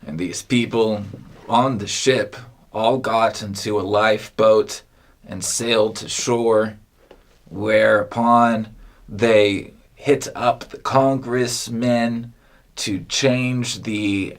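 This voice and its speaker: A man delivering a rambling comic monologue, halting and meandering with long pauses between phrases. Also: on the low side, fairly even intonation.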